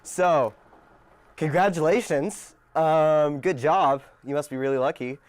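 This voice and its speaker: A man's voice: a little high, measured pace, clear, resonant tone, no room sound. Playful man co-hosting TV bingo. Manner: playful, joking. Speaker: co-host announcing the winner.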